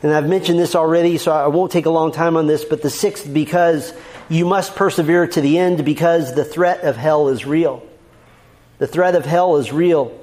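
A man's voice: sits high, darkish tone. A man preaching a sermon as a pastor, emphatic, repeating his key lines and quoting scripture verse by verse.

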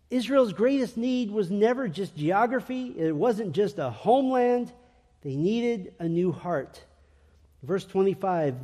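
A man with a fairly high yet mellow voice delivers an emphatic sermon from the pulpit. He leans into key phrases, slowing down and repeating them for weight. His words ring out with the long reverb of a large church hall. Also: lively intonation. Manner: emphatic preaching with slow, stressed repetitions. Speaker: pastor.

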